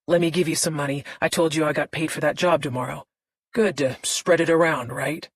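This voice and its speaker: A woman's voice: low-pitched, steady tone, fairly quick, slightly rough, dry recording. A woman narrator voicing a manipulative middle-aged man in an audiobook, coaxing and dismissive. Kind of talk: audiobook character voice.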